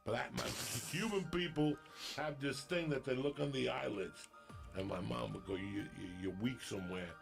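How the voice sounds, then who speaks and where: A man's voice: medium pitch, normal speed, creaky, music in the background. A man in his fifties from New Jersey, telling a story on a podcast, swearing freely and acting out the people in it. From New Jersey, USA. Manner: profane, animated, acts out quotes. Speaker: podcast guest.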